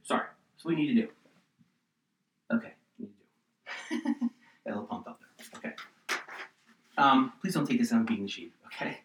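A man preaching a sermon as pastor, passionate and swinging between loud emphasis and quiet appeals. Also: medium pitch, very animated, moderate pace, pauses often, a little hiss or hum. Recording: roomy echo, distant mic.

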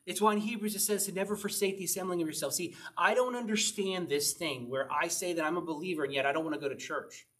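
A man's voice: high voice, fast talker, hardly any pauses, a bit bright. A man leading an evening Bible study as pastor, reading psalms aloud and explaining them in a loose, conversational way, often laughing. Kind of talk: informal Bible study teaching.

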